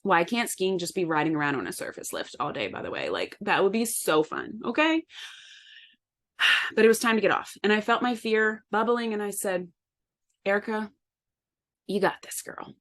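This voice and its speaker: A woman's voice: medium pitch, very animated, normal speed, fairly bright tone. A woman in her thirties hosting a show, telling a personal story candidly and with animation, often calling her listeners "y'all". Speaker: podcast host.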